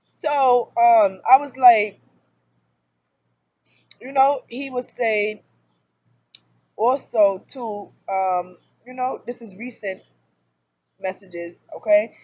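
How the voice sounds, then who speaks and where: A woman in her thirties talking casually to camera about her relationship, in an animated storytelling manner that jumps up loud for emphasis. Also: fairly high pitch, drawn-out words, pauses often, no echo, lo-fi sound. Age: 30s. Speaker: spiritual vlogger. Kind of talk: casual personal monologue.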